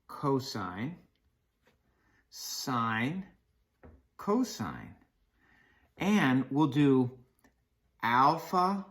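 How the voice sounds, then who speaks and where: A man teaching a math lesson in a playful way, acting out sine and cosine as friends in quick skits. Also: mid-range voice, fairly bright tone.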